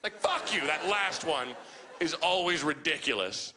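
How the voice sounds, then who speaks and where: A man's voice: fairly high pitch, a little slow. A man doing a profane stand-up comedy set on a club stage, telling stories and acting out other people's voices. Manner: profane, animated storytelling with acted-out voices.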